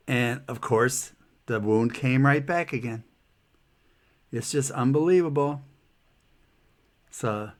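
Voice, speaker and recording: A man casually telling a personal story about his health troubles, laughing often and sounding rueful and incredulous. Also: mid-range voice.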